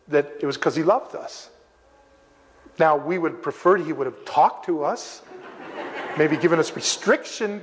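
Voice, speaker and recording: Older male pastor, high-pitched, animated and humorous storyteller, long church reverb. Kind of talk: storytelling sermon. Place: church sanctuary.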